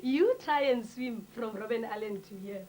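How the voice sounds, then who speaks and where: A woman's voice: on the high side, moderate pace, close to an everyday voice. A woman playing a dry, sardonic housekeeper with a South African accent in a sitcom. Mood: deadpan. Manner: deadpan, sardonic. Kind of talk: sitcom comedy acting.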